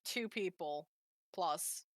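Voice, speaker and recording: A woman's voice: lowish voice, takes it slowly, no echo, clean studio sound. A woman playing in a tabletop game, joking and bantering with the table. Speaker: player. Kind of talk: casual tabletop chat.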